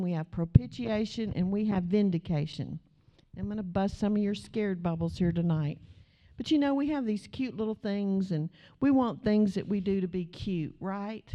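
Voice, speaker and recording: A woman preaching a sermon to a congregation, telling a family story in a chatty, animated way and speaking straight to her listeners. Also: medium pitch, highs cut off.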